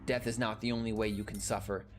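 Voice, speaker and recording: A slow, measured monster voice, read by a man in his plain tone, threatens in solemn, deliberate phrases. Game music runs behind it. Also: fairly low pitch, flat delivery, lightly acted. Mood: menacing. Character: slow, menacing toilet monster from the depths.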